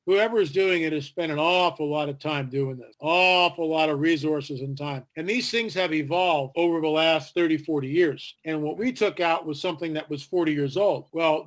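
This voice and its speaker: An older man, a guest author, telling a story in a podcast interview and animatedly acting out what others said. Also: fairly high pitch. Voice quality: animated storyteller, acts out other people's lines.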